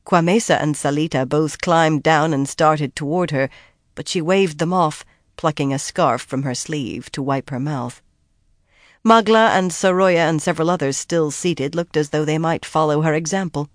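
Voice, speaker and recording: An audiobook narrator giving steady, measured scripted narration of a fantasy story. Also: medium pitch, dry recording, clean studio sound.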